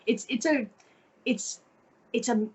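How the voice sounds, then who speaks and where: A woman in her thirties with an Australian accent speaks slowly in a fairly high, husky voice, and the audio quality is poor. She's a podcast guest in a casual interview chat, talking energetically and swearing casually.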